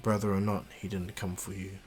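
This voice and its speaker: A man voicing a calm, weary adult ninja teacher who speaks low and measured. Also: soft background music, close to an everyday voice. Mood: grave.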